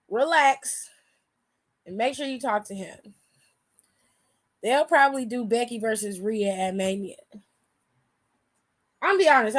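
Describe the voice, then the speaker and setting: A woman co-hosting a show aftershow in casual chat, animated and profane, often laughing as she talks. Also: a little high. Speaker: aftershow co-host.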